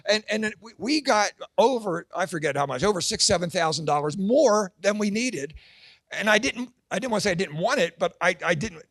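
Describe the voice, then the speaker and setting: Middle-aged male comic-preacher, lively storytelling, fairly high voice, dry close sound. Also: a little fast, no echo. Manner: animated storyteller acting out quoted voices. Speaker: Christian comedian and pastor. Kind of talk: storytelling speech at a fundraising gala.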